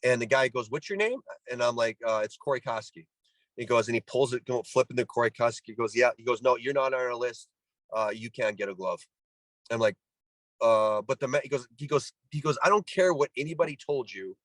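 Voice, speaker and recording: A middle-aged Canadian man with a medium-pitched voice speaks briskly, recorded dry and in low quality. A former pro ball player, he's a guest in a casual interview telling an animated story, acting out the people he quotes and often restarting his sentences.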